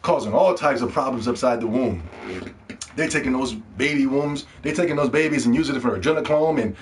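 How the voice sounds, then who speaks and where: A man hosting a casual solo gaming podcast, joking and ranting in a loose, profane way that swings from loud excitement to quiet asides. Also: mid-range voice, brisk, slight background noise. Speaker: podcast host.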